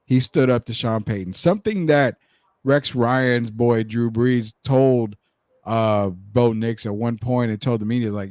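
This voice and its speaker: A man co-hosting a sports talk show, animated, rattling off game stats and picks. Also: on the low side, measured pace, no echo, clean studio sound. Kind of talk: casual sports debate.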